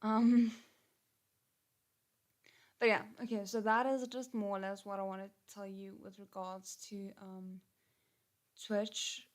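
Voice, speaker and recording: A woman from Africa, chatting casually on a livestream, hesitant with many ums, her voice a little gruff. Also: mid-range voice, little pitch movement, slow, pauses often. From South Africa. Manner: hesitant, many ums and restarts, thanks viewers. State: slightly gruff voice. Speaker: channel host on a livestream. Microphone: headphones and desk mic.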